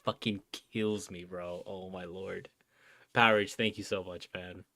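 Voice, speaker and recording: On a casual livestream, a young man from New Jersey rambles through chat messages, full of fillers and calling people dude and bro. He has a low, steady, sharp voice and talks a little slowly, in a studio-quality recording with no echo.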